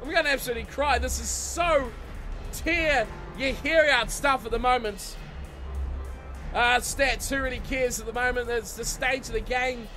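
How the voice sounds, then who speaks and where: High-voiced excitable gamer man. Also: moderate pace. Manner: excitable, swearing and yelling at the game. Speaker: gaming channel host. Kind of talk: let's-play commentary over a rugby video game. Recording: game music playing behind the voice.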